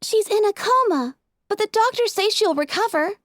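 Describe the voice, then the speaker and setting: A woman voicing a young female unicorn pony, a little sister with a bright, eager way of talking. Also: extremely high pitch, sing-song, moderate pace, no room sound, studio quality, voice pushed up.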